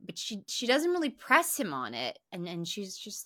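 A young woman co-hosting a podcast, recapping a film in casual, animated chat, swearing freely and restarting her sentences. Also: mid-range voice, moderate pace, no room sound, clean studio sound. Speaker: podcast co-host.

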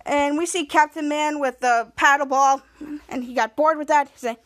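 A woman podcast host gives a casual recap of a TV episode, rambling in run-on sentences with many restarts and quoting characters in a raised voice. Her voice is high-pitched and a bit bright, with fairly even intonation at a normal speed.

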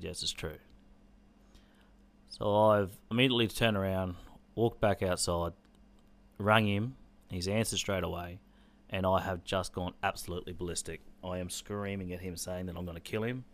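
Deep-voiced Australian man telling a raw story. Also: steady tone, normal speed, pauses often. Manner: raw, intense, blunt with swearing. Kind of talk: personal storytelling.

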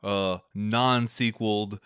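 Bright lively guy hosting a movie podcast, lots of laughs and ums, dry close mic. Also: fairly low pitch, slow, clean tone, no echo. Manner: laughs often, hesitant with many ums and restarts. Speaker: podcast co-host. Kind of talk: casual movie-review podcast chat.

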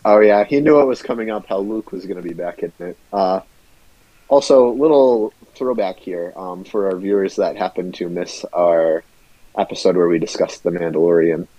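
A man's voice: low-pitched, moderate pace, warm tone, dry recording. A young man co-hosting a casual podcast, rambling in a laid-back way with lots of filler words. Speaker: podcast co-host. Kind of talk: casual chat. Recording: dry, slightly muffled lo-fi audio.

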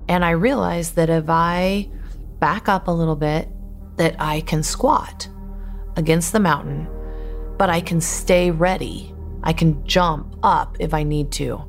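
A woman's voice: deep voice, measured pace, faint music behind. A woman who survived an attack, telling her story in urgent present tense. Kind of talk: recounted personal testimony.

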